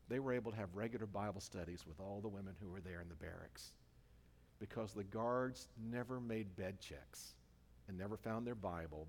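A man delivering a sermon in a conversational, informal way, full of fillers and self-corrections. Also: on the low side. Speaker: preacher. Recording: reverberant hall.

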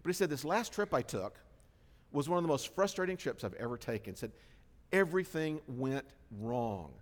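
A man pastor preaching a sermon, telling a story with lively swings between soft and loud. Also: on the high side, moderate pace, big-room sound. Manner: storytelling, animated swings in loudness. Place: church sanctuary.

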